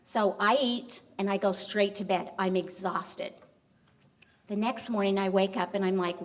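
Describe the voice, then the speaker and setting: A middle-aged woman giving a lecture, telling a story in an animated way and acting out the dialogue. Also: mid-range voice, moderate pace. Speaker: university vice president giving a lecture.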